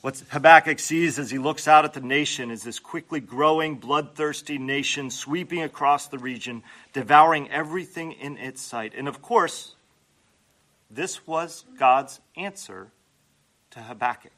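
Man, pastor, sermon, high voice, crisp bright tone, animated delivery, humorous asides. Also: a little slow. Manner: animated preaching with acted-out prayers and humorous asides.

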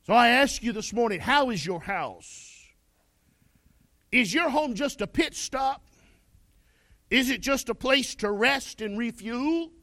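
High-voiced, animated male preacher. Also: no room sound. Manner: reads scripture aloud, then preaches with rhetorical questions. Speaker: pastor. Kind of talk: sermon.

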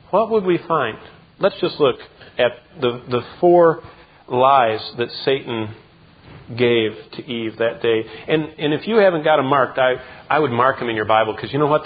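A man preaching a sermon as pastor, emphatic, with repeated words and quick asides. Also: mid-range voice. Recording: dull lo-fi sound.

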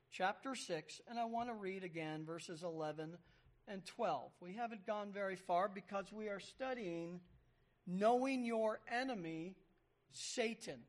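A man preaching a sermon, explaining Greek words as he reads and stressing key words. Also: high-pitched. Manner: emphatic, explains Greek word by word. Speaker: pastor.

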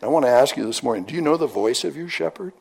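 A man's voice: medium pitch, expressive, quick pace, vocal fry, a little mellow, husky. Folksy conversational male preacher. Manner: conversational, folksy storytelling with repetition. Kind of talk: sermon.

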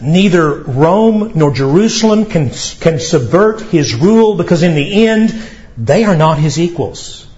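A male pastor delivering a sermon, preaching emphatically with dramatic pauses. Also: a little high, animated, a little mellow, highs cut off.

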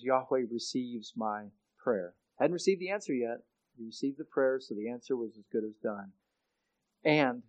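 A man preaching a sermon in an earnest way, often restarting his sentences and growing loud when he quotes scripture. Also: mid-range voice, dull audio. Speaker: pastor.

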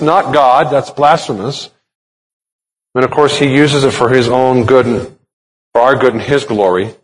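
A man preaching a sermon as a pastor, explaining a text step by step and asking rhetorical questions. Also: medium pitch. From United States.

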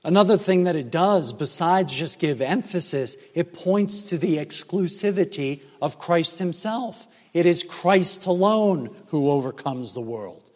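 A man preaching a sermon as pastor, emphatic and measured, with rhetorical questions. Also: fairly high pitch, expressive, a little mellow. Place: church sanctuary. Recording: church hall reverb.

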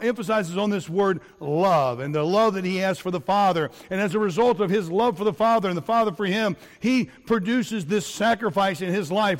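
Middle-aged male pastor, high voice, earnest and repetitive sermon delivery in a church with long echo. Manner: earnest preaching with repetitions and fillers. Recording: long hall reverb.

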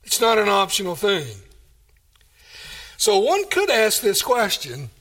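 Slow, high-voiced man preaching a sermon. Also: wildly swooping pitch, a bit bright. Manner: emphatic, rhetorical questions, measured delivery. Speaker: pastor.

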